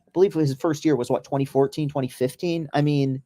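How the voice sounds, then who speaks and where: A man's voice: on the high side, steady tone, fast talker, warm tone. A man hosting a casual podcast, chatting loosely over a live baseball game with profane, rambling asides. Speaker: podcast host.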